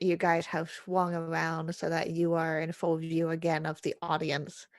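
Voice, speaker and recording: A young adult woman narrating a tabletop horror game as game master, slow and hesitant with fillers. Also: sits low, monotone, fairly bright tone, dry recording.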